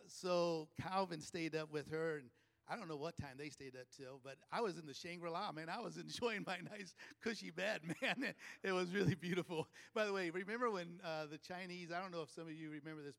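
A man's voice: fairly high pitch, gravelly, a bit bright. A man, a leadership coach, telling a chatty story to a live audience and laughing often between phrases.

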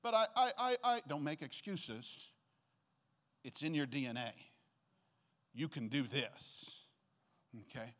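An older male pastor preaches in a fairly high voice, animated and conversational. He keeps checking in with the room as he talks. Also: takes it slowly, pauses often. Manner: conversational and animated, often asks "okay?". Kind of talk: sermon. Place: church room with congregation.

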